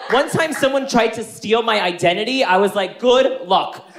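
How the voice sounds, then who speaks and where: A man performing a stand-up comedy set, telling brash, animated stories and laughing often. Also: sits high, fairly quick, roomy sound, very noisy.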